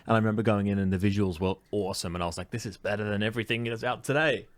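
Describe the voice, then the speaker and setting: A man co-hosting a podcast, talking in a relaxed, rambling and playful way. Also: on the low side, very fast, no echo. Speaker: podcast co-host. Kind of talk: casual chat.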